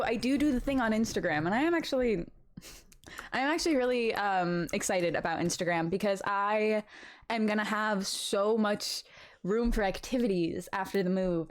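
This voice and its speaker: A young woman chatting casually with her live-stream chat from home, bubbly and rambling, laughing often. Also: on the high side.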